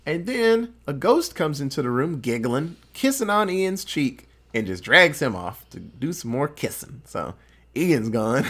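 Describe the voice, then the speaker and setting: A man retelling a movie in a loose, profane chat. His voice sits a touch high and swings widely in pitch as he jumps into voices for each character. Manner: animated, profane, acts out characters' lines in quick voices. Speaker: podcast co-host recapping a film. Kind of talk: casual chat.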